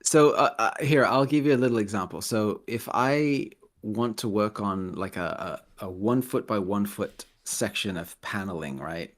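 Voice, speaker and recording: A fairly low-voiced man talks casually as a guest on a video call. He rambles, restarts his sentences and breaks into laughter often. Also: moderate pace, few pauses. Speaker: guest, Lego builder. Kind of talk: casual interview chat.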